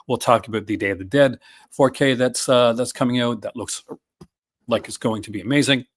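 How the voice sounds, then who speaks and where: A man's voice: medium pitch, fairly quick. A man hosting a casual live stream, talking enthusiastically with many fillers and restarts. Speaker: host.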